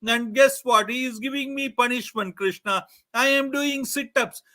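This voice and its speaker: An earnest little boy pleads and calls out again and again in a high, bright voice, as a storyteller puts him on. He sounds sincere and wronged, a figure in a devotional storybook tale. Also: normal speed. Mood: pleading. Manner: pleading, repeats calls to the god.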